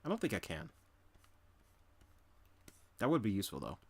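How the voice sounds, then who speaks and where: A man's voice: on the low side, wildly swooping pitch, moderate pace, husky. A young man from New York City chatting casually during a live drawing stream, rambling and humming to himself between remarks.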